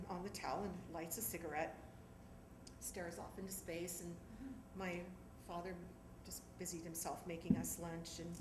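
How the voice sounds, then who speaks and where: Woman telling a memoir on a theatre stage. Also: on the low side. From Southern California. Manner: animated, acts out voices. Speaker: storyteller performer. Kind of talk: one-woman stage monologue. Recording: echoey theatre with background noise.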